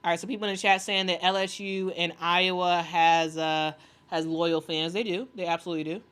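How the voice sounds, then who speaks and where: Woman, slightly low voice, casual livestream host, rambling, lots of fillers and restarts, enthusiastic, laughs often. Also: steady tone, fairly quick, fairly bright tone, clear, resonant tone. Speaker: sports commentary host reading live chat.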